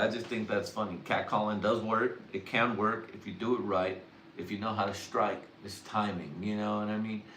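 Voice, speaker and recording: Low-voiced man, crude rambling livestream monologue, mic a bit far off in a roomy space. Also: a bit bright, a little hiss or hum. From Mexican family. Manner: crude, rambling, heavy swearing. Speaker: livestream host. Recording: roomy sound from away from the mic.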